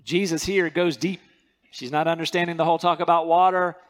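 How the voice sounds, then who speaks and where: A man's voice: on the high side, little pitch movement, a little fast. A man preaching a sermon as pastor, earnest and emphatic, repeating key words to drive them home.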